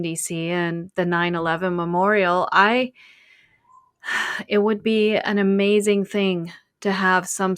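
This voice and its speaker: Woman podcast host, smooth clear voice, flat delivery, dry close sound. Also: medium pitch, dry recording. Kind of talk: interviewing.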